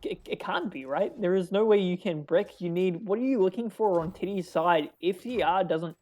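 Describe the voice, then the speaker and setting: An esports co-caster calling a live card game match, excitable and quick to laugh, often restarting mid-sentence. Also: mid-range voice.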